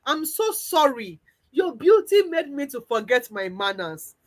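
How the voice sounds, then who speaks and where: A woman's voice: high voice, sing-song, a little slow, full character voice. A woman with a Nigerian accent voicing a young, deferential assistant who gushes with praise. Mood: admiring. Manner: gushing, deferential. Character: young admiring female personal assistant.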